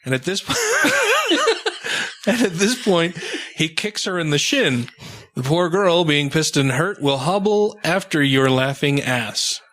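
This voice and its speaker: A man's voice: on the high side, big pitch swings, takes it slowly, a bit bright. A man hosting a casual studio podcast, reading definitions aloud with amused disgust. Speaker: podcast host.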